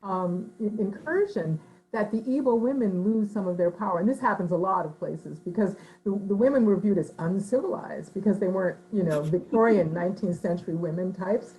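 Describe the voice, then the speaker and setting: A woman author answers interview questions animatedly and thoughtfully, using frequent fillers and slipping into voices when she quotes people. Her voice is mid-range and a little fast, and the recording is rough.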